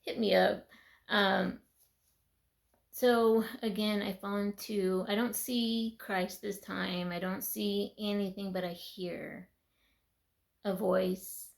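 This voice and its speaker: A woman speaking in a conversational, earnest way as she shares a personal faith testimony. Her voice has a gravelly edge. She sounds tired and teary, sometimes dropping into a whisper. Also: mid-range voice, flat delivery, slow pace. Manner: earnest, conversational, with soft laughs and trailing whispers.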